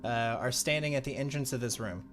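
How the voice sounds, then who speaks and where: A man narrates a tabletop game as game master in a casual, halting way, often with fillers. His pitch is middling for a man. Faint music plays behind him. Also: a bit bright. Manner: casual, laughing, swears when flustered.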